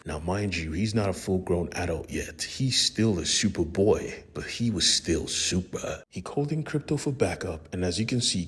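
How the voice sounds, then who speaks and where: A man's voice: deep voice, husky. A young man casually retelling a comic book story in a slangy way, talking straight to his viewers. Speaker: comic book recap host. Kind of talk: casual comic recap narration.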